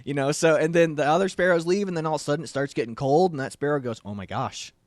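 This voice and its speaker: Fairly high-voiced man rambling about a film. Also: rapid-fire, a little mellow, no room sound, clean studio sound. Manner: rambling, many restarts and "you know". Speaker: podcast co-host. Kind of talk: casual movie review chat.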